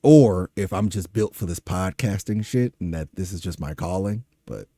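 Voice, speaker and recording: Ranting podcast man, low mellow voice. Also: moderate pace, no echo. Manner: ranting, emphatic, with frequent fillers. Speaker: podcast host. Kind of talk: opinionated solo commentary.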